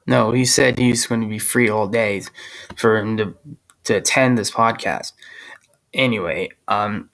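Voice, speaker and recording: Slow, halting young man hosting. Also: fairly low pitch, steady tone, gravelly, a bit bright. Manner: hesitant, halting, many restarts. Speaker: host. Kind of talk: casual podcast chat.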